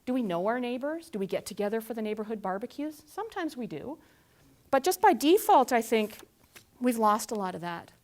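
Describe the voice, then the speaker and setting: A woman in her forties giving a lively, conversational talk, asking the audience questions and acting out scenes. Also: fairly high pitch, brisk. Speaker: conference speaker.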